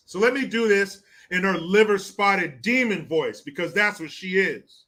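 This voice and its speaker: A man's voice: high-pitched, measured pace, pushed and bright. A man hosting casual commentary, crude and mocking, laughing often. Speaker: streamer host.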